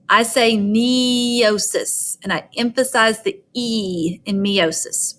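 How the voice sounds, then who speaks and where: A woman with a Southern twang walks students through a lesson at a mid-range pitch. Her delivery is informal and chatty, and she keeps punctuating her explanations with "all right" and "okay.". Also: fairly bright tone. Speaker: teacher. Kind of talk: recorded biology lecture.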